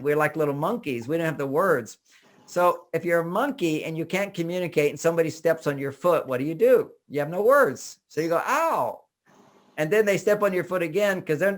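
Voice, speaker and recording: Animated older man, somewhat high voice. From United States. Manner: animated, acts out cries and quoted voices. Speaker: relationship author and speaker. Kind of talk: casual talk.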